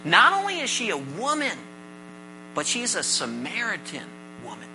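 A pastor giving a sermon to a congregation, mixing jokes with scripture and calling on listeners with quick questions. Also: mid-range voice, huge pitch swings, bright, forceful tone, a little hiss or hum, poor audio. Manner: calls on the congregation with "right?" and questions. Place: church service before a congregation.

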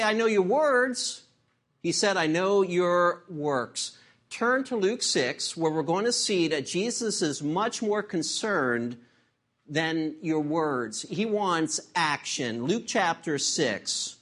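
A man's voice: fairly high pitch, fairly bright tone. A male pastor delivering a sermon, opening with a joke and closing in prayer. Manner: tells a joke, then preaches and prays.

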